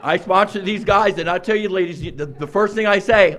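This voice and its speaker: A man in his sixties telling his own recovery story to a meeting, acting out quoted lines with sudden jumps in pitch and loudness. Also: moderate pace. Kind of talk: personal recovery story told to a group.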